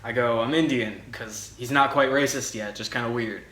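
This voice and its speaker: A young man telling a stand-up comedy story in a deadpan way, acting out the people he quotes. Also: medium pitch, normal speed. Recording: echoey room with crowd laughter.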